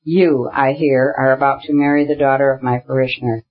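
A man voicing an elderly, good-natured priest who speaks in a hurried, customary recitative in a storybook reading. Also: mid-range voice, flat delivery, phone-quality sound, lightly acted.

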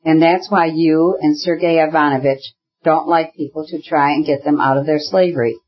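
A husky-voiced reader voicing a bitter, ailing radical brother who argues heatedly, in an audiobook. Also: mid-range voice, steady tone, normal speed, highs cut off, lightly acted. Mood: agitated. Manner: heated, argumentative, bursts into shouting.

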